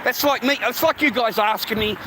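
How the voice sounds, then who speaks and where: A man's voice: extremely high pitch, brisk, noisy background. A man in his fifties with an Australian accent, livestreaming a blunt, profane rant on a city street and calling listeners "mate". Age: 50s.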